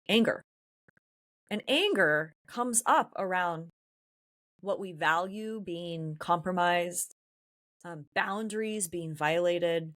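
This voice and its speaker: In a fairly low voice with a fairly bright tone, a podcast host from San Diego, California, reflects on her feelings. The monologue is personal, candid, introspective, and emotionally open.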